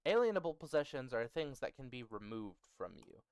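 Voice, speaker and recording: Fairly quick and sing-song, this man's mid-range voice is darkish, clear, and resonant, with no echo. On a casual livestream, close to his mic, he explains building a language to his chat while joking with them and laughing often.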